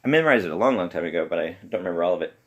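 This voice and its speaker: Very low-voiced rambling man. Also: expressive, very fast, muffled recording. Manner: rambly, hesitant, many ums, self-deprecating asides. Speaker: podcast host. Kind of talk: casual rambling lecture.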